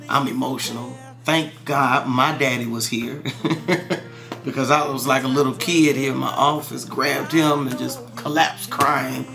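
Pastor guy vlogging from his church office, gravelly voice, open and personal, laughs a lot. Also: mid-range voice. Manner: candid, personal, laughs often. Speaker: pastor and gospel singer. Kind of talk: casual vlog talk to camera.

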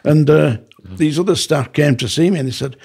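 A man's voice: fairly high pitch, moderate pace, creaky, breathy edge. A man, a former prison officer, telling his stories in a casual podcast chat and acting out the dialogue in them. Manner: animated, acts out quoted dialogue. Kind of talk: casual storytelling.

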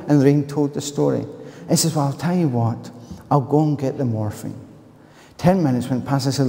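A man with a Glaswegian accent preaching a sermon, telling a personal story in an animated way with loud, higher-pitched outbursts. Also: normal speed, vocal fry. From Scotland. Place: church. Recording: long reverb of a church hall.

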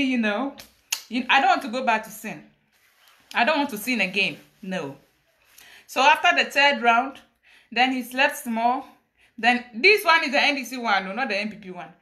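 On a Facebook Live stream, a bright-voiced Ghanaian woman preaches through an animated confessional monologue, her voice sitting high. She keeps a moderate pace with frequent pauses, laughing and dramatizing her stories while slipping into Twi.

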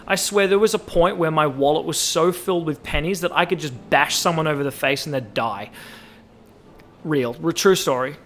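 A young Australian man hosting a casual solo podcast, talking in an animated, joking way and drawing out words when he lists things. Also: on the high side, normal speed, slight background noise. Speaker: podcast host.

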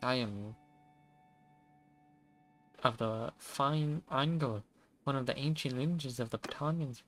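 A man voicing a haughty noblewoman of an ancient family, in a prim, drawn-out delivery, reading game dialogue aloud. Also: medium pitch, fairly bright tone, soft background music.

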